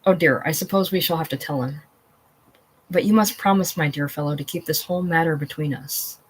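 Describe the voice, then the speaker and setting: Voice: mid-range voice, a little fast, slight background noise, lightly acted, low-quality recording. A reader doing a fussy, polite old man. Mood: flustered. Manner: genteel, flustered.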